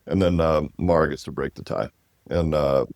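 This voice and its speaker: Deep-voiced man, rambling interview guest. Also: fairly even intonation, normal speed, a little mellow, no room sound, clean studio sound. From Walla Walla Valley, Washington. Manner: rambling, many fillers and restarts, laughs easily. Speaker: winery owner and interview guest. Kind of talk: casual interview conversation.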